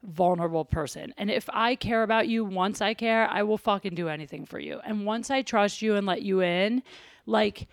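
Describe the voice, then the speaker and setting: A woman's voice: medium pitch, normal speed, no echo, clean studio sound. A woman hosting a podcast, talking candidly and confessionally in casual chat. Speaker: podcast host.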